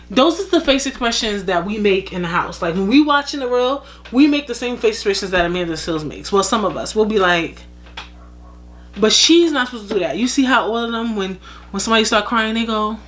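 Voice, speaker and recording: A woman vlogger giving casual gossip commentary, animated, blunt and profane. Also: mid-range voice.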